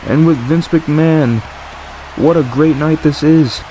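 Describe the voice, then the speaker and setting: A man with a high voice calls the wrestling action in play-by-play fashion, breaking into exclamations as the fight unfolds. A faint hiss of noise sits under his voice. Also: a little slow. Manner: excited, exclamatory ringside calling. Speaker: commentator for a wrestling video game series. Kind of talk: play-by-play commentary.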